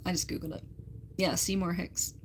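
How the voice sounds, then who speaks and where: A woman's voice: lowish voice, little pitch movement, normal speed, a little hiss or hum. A young American woman chatting casually on a livestream, rambling and laughing as she answers her chat. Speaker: livestream host.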